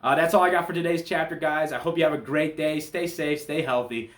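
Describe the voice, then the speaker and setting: A man walks through a Bible chapter in a loose, conversational way, stopping and restarting as he goes. His voice sits a little on the high side. The sound carries a noticeable room echo. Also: fairly quick. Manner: relaxed, conversational, with frequent restarts and fillers. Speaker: church Bible study teacher. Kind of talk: casual Bible chapter commentary.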